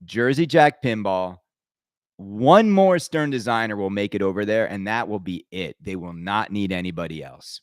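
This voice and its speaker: A man's voice: lowish voice, animated, moderate pace, no room sound, clean studio sound. A man hosting his own podcast, ranting his opinions emphatically and rambling, with frequent stammered restarts. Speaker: podcast host.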